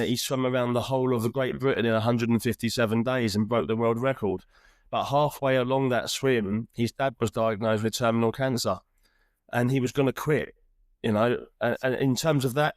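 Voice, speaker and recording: A man's voice: medium pitch, dry recording, clean studio sound. A man hosting an interview podcast, talking in an earnest, encouraging way and often restarting his sentences. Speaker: podcast host. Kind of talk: reflective interview chat.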